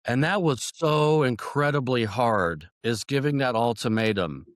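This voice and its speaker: A man's voice: medium pitch, lively intonation, measured pace, no room sound, studio quality. A man speaking as a guest on an interview podcast, earnest and reflective, with small restarts. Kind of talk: conversational interview.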